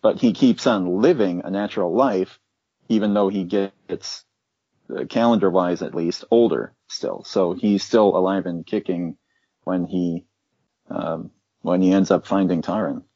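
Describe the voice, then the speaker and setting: A man's voice: deep voice, fairly even intonation, unhurried, warm tone, slightly rough, no room sound, highs cut off. A man in a casual book discussion, explaining in a matter-of-fact way.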